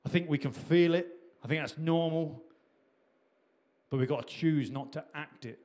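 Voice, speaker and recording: A man's voice: fairly high pitch, normal speed, a little mellow. A middle-aged man preaching a sermon in a conversational way, with repetitions and restarts. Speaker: pastor.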